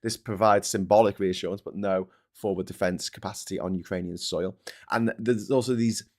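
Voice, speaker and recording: A man's voice: deep voice, steady tone, fairly quick. Angry, sweary British man ranting. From Britain. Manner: angry, sweary, swings between shouting and mumbling. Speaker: livestream host. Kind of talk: ranting political commentary livestream.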